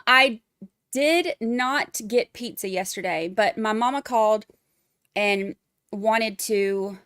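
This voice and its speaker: A woman's voice: mid-range voice, fairly bright tone, no echo, clean studio sound. A woman hosting a casual livestream, chatting with viewers and reading their messages aloud with plenty of fillers. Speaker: livestream host.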